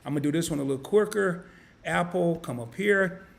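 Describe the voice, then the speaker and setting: Guy, slightly high and raspy, loose live-stream teacher talking through his screen. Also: a little fast. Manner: casual and folksy, talks to viewers as y'all; thinks aloud while clicking, self-correcting. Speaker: investing channel host.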